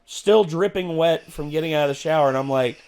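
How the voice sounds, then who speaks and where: A man's voice: fairly high pitch, a little fast, a little mellow, clean tone. A man co-hosting a reaction show, telling a story in casual chat with rambling restarts and fillers.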